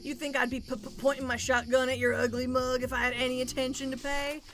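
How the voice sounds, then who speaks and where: A woman's voice: mid-range voice, measured pace, vocal fry, a bit bright. Brett, a woman doing a stuttering drunk lout. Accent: put-on American Southern. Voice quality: stuttering, insulting. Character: rude drunk stuttering man with shotgun. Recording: with game music behind.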